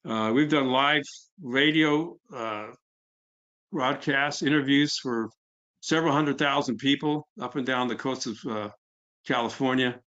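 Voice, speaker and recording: Middle-aged man, mid-pitched, easygoing presenter, slightly muffled audio. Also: a little slow, a bit bright. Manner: conversational, fillers, quotes others. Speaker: nonprofit founder. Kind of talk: webinar presentation.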